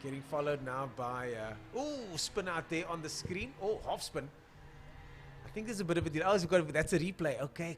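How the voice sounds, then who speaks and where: A man's voice: a little high, lively intonation, normal speed, slight background noise. A man giving casual live commentary on a drag racing stream, chatting loosely and filling gaps while he looks up drivers' names. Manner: chatty, thinks aloud, fills gaps while looking up names.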